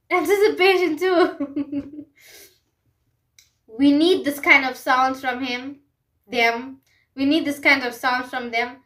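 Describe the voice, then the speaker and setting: A woman's voice: high-pitched, sharp tone. A woman vlogger talking through a music review, emphatic and full of rhetorical questions and repeated phrases. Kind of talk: passionate music commentary monologue.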